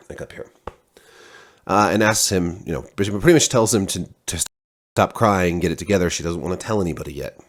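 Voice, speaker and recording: A man, a parent, giving a casual spoken TV review, rambling with many restarts and fillers. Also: deep voice.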